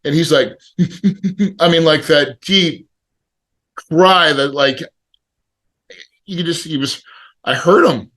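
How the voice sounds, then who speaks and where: A middle-aged man spins a story with a bright, forceful tone and a voice that sits a little high for a man. He speaks casually and acts out the lines of the people in his tale. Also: slow pace, long pauses. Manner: animated, acts out quoted dialogue. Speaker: podcast guest.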